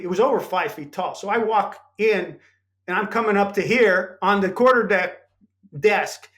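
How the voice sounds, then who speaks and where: Podcast guest: a high-pitched older man, lively storyteller who acts out quoted voices. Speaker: podcast guest, former Navy SEAL. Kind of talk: storytelling in an interview.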